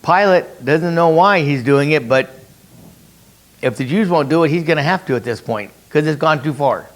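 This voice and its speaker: A man's voice: fairly high pitch, lively intonation, normal speed. A man leading a conversational Bible study, explaining through rhetorical questions and repeating his key points. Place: church meeting room.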